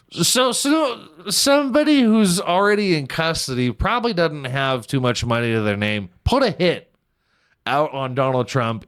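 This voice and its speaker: A man's voice: a little high, fairly bright tone. A man hosting a casual comedy podcast, irreverent and sarcastic, swearing freely, laughing at his own jokes and slipping into a mock ad-read delivery. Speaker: podcast host.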